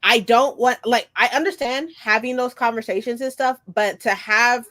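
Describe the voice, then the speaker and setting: Animated, swearing woman host chatting. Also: on the high side, normal speed. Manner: expressive storyteller who quotes people and swears freely. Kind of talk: casual podcast chat.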